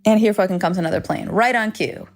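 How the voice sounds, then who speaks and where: Talking quickly in a mid-range voice, a woman in her thirties hosts a solo podcast. It's a candid, rambling monologue full of swearing and self-deprecating asides, recorded at home as planes fly overhead.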